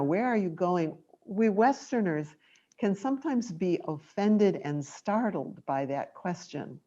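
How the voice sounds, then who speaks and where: Slow, gentle, and reflective, a woman who teaches meditation offers a dharma talk in a low voice. The audio quality is lo-fi and dull.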